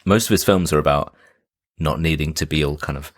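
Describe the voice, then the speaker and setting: A man with a very low voice talks through a film with a friend on a podcast, in a loose, rambling way. He leans on "kind of" and "like" as he thinks aloud. The sound is dry and close, with no room around it. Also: fairly quick, no room sound. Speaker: podcast co-host. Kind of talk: casual film review chat.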